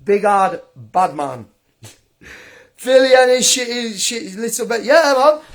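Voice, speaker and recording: Expressive and slow, a young man with a high-pitched voice rants angrily on a livestream, taunting his critic scornfully and combatively while bursting into laughter.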